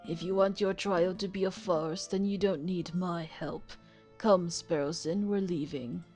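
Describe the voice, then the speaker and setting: A woman's voice: lowish voice, steady tone, a little slow, a little mellow, soft background music, natural voice. A woman voicing a stern male falcon defense attorney who speaks in a formal, commanding way. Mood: firm.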